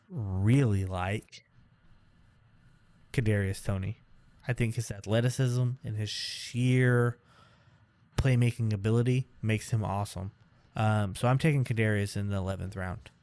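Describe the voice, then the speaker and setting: A man co-hosting a casual fantasy football podcast, thinking out loud as he runs through draft picks. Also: fairly low pitch, dry recording. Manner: animated, thinks aloud while listing picks. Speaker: podcast co-host.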